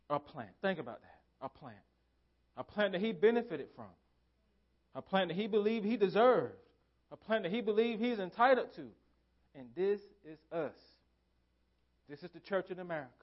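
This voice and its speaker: A pastor preaching a sermon in a church, driving points home with emphatic repeated phrases. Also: male voice, high-pitched, lo-fi sound. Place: church sanctuary.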